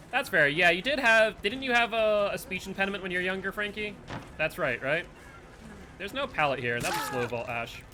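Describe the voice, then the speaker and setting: Man, Northeastern US accent, live game streamer, rambling and chatty, bright tense voice. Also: a little high, a little hiss or hum. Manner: rambling, chatty, talks to chat between plays. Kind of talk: live gameplay commentary and chat.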